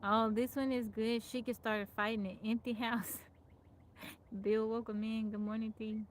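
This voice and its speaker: A woman hosts a relaxed livestream, mulling over old country sayings and welcoming viewers one by one. Her voice sits at an ordinary middle pitch, with a faint hiss of noise behind it. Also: normal speed. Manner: reads out folksy sayings and greets viewers by name. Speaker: livestream host. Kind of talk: casual livestream chat.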